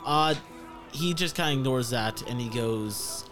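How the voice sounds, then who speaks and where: A man's voice: mid-range voice, unhurried, music in the background. Casual male game master. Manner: casual, many "like" fillers. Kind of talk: narrating a tabletop game.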